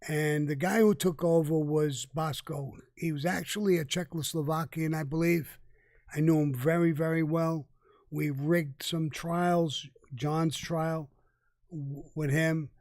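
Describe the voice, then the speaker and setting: A man's voice: on the high side, steady tone, unhurried, a little mellow, no echo, studio quality. An older man, answering viewer questions in a casual live chat, blunt and profane, with rambling restarts.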